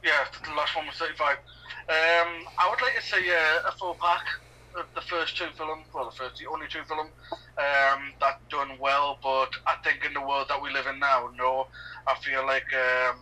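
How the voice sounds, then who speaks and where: Bright-voiced Northeast English man. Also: a little high, steady tone, moderate pace, recorded from a distance, rough recording. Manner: rambling, filler-heavy, opinionated. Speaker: podcast co-host. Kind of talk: casual film commentary chat.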